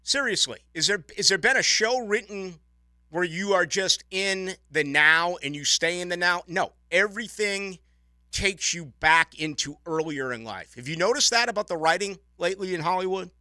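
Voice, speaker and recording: A man hosting a sports radio show, chatting casually and ranting with animated opinions from a studio mic. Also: high voice, normal speed, dry recording. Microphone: studio microphone.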